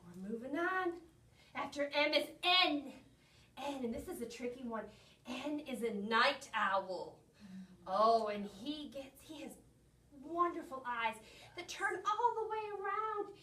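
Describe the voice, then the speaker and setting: A woman teaching a children's phonics lesson in a sing-song, animated way, acting out letter sounds. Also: high voice, unhurried. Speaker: elementary school teacher. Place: school classroom. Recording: echoey room, mic far off.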